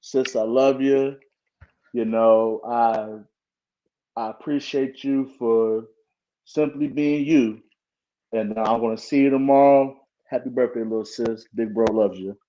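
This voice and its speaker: A man from Cincinnati, Ohio, co-hosting a podcast, talking in a relaxed way with many ums and uhs. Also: mid-range voice, measured pace. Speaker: podcast co-host. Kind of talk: casual podcast chat. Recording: muffled lo-fi mic.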